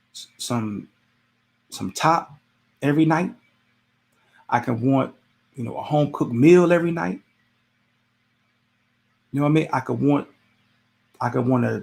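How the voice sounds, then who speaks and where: Gravelly man giving casual advice. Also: medium pitch. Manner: conversational, repetitive, preachy with rhetorical questions. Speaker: podcast host. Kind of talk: casual motivational monologue.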